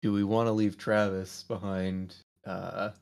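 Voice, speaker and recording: A man's voice: low voice, level tone, a little slow, vocal fry, darkish tone. A man chatting as a tabletop game player, hesitant and self-mocking. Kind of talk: casual chat among players.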